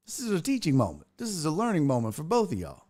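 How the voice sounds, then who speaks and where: Male host, a bit high-pitched, crude and jokey, laughs often, casual livestream chat. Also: huge pitch swings, fast, a little mellow. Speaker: podcast host. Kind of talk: casual livestream chat reading viewer comments.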